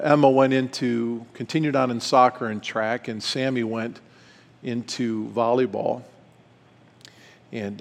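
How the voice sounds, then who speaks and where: A man's voice: medium pitch, gravelly. A middle-aged man speaking at a retreat, telling a personal story and acting out the dialogue with animation. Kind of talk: storytelling talk. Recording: long hall reverb.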